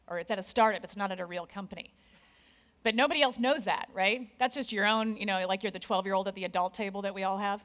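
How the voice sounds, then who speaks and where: A woman in her forties speaks from a conference stage with a bright, clear tone. She talks candidly and pokes fun at herself. She tosses lively asides to the crowd at a mid-range pitch. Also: quick pace. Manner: candid, self-deprecating, lively with asides to the audience. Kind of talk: motivational conference talk. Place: conference stage before an audience.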